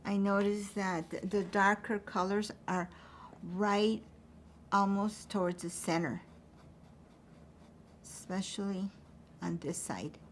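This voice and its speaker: A woman teaching an acrylic painting demonstration, thinking aloud as she paints in a relaxed way. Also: mid-range voice, takes it slowly, long pauses, a little hiss or hum.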